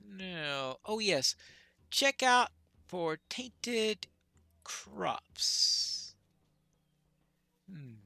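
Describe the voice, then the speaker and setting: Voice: medium pitch, sing-song, extremely slow, gravelly, long pauses, sharp tone, no room sound. A game player giving chatty commentary over a fantasy game, laughing at stumbles over hard names. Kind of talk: let's play commentary.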